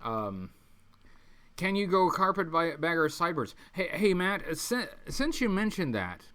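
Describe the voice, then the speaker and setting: Man, livestream host, bright tense voice, slightly high, rambling with ums and restarts. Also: big pitch swings, unhurried, smooth. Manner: rambling, many ums and restarts, reads chat aloud. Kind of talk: casual livestream chat. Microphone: webcam mic.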